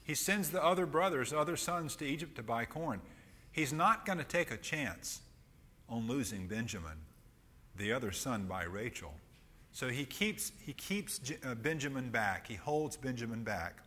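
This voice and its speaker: A man's voice: mid-range voice, expressive, bright, forceful tone. Man teaching scripture in an echoing hall. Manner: reads King James verses aloud, pauses to explain. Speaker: Bible teacher. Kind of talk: sermon with scripture reading.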